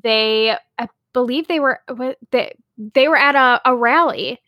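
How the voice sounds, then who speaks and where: A young woman from the United States chatting on a podcast with many fillers and restarts. Her voice is bright and fairly high, recorded close and dry. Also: unhurried, dry recording. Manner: rambling, hesitant, many fillers. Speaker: podcast co-host. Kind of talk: casual chat.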